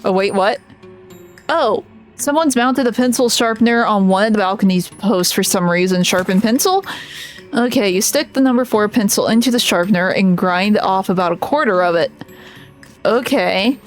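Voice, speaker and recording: A woman's voice: mid-range voice, moderate pace, faint music behind. A woman streamer giving chatty, giggly commentary while she plays a game. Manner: chatty, giggly, thinking aloud. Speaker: VTuber streamer. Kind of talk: casual gameplay commentary.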